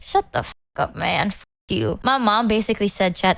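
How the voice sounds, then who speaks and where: A woman's voice: medium pitch, expressive, normal speed, creaky, fairly bright tone. A woman VTuber chatting casually to her stream, rambling and swearing freely. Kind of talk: casual live-stream chat.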